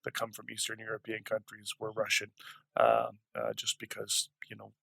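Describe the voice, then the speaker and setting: A man's voice: fairly low pitch, completely flat delivery, normal speed, creaky, sharp tone, slightly rough, no echo. A man hosting a podcast, asking questions in a hesitant, thinking-aloud way full of fillers. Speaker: podcast host. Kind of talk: casual interview talk.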